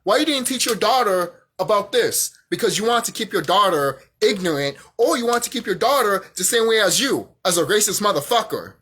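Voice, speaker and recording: A man's voice: high-pitched, expressive, a little fast, few pauses, bright, forceful tone, breathy edge. A young man vlogging a heated, profane rant, often repeating himself. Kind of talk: angry rant monologue.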